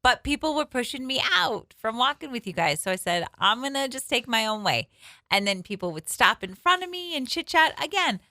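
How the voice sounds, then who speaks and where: A woman's voice: fairly high pitch, big pitch swings, a little fast, pushed and bright, no room sound, studio quality. A woman co-hosting a morning radio show, telling her side of a story with giggles in casual banter. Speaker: radio co-host.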